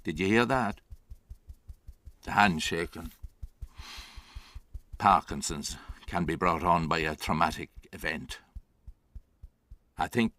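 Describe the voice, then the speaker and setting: A man's voice: low voice, creaky, sharp tone, dry recording, full character voice. An actor playing an older Irish grandfather and former farmer who tells his story in a wry, dry theatrical monologue. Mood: reflective.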